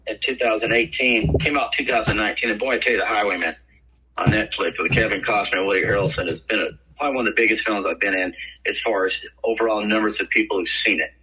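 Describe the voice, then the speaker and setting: Animated older man telling stories. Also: lowish voice, quick pace, a little hiss or hum, poor audio. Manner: animated storyteller, acts out quoted voices. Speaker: actor guest. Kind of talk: casual podcast interview storytelling.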